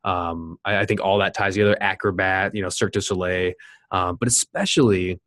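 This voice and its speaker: A man in his thirties with a low voice, hosting a podcast interview in a chatty, enthusiastic way. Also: fairly even intonation, brisk, a bit bright, no echo, studio quality. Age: 30s. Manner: enthusiastic, rambling, many restarts. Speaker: podcast host. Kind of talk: casual interview chat.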